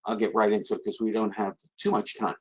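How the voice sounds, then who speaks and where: A man giving a webinar talk on a video call, speaking haltingly with many restarts and fillers. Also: lowish voice, level tone, slightly rough. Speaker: guest presenter. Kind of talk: webinar presentation. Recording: dull lo-fi online call audio.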